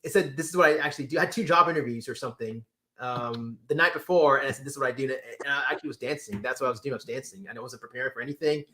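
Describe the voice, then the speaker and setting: A man hosting a casual livestream, reading chat comments with lively exclamations and repeated words. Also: mid-range voice, rapid-fire. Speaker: livestream host.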